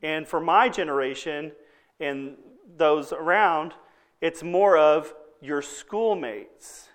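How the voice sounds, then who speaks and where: A man's voice: a little high, slow. A man preaching a sermon to his church in a conversational way, often checking in with the congregation. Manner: conversational preaching with frequent "okay?" check-ins. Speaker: pastor.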